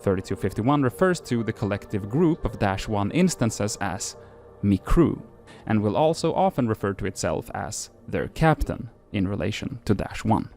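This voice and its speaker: Guy with a low voice reading creepy entries, chatty and self-deprecating, quiet music behind. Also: big pitch swings, moderate pace, few pauses. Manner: casual, self-deprecating, filler-heavy asides. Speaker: host reading entries aloud. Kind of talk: reading archive entries with casual asides.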